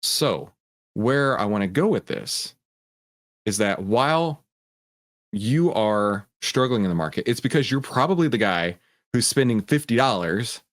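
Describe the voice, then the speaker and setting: A man's voice: mid-range voice, measured pace. A man hosting a stock market show, explaining in a casual, conversational way with frequent asides. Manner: animated storyteller who acts out voices.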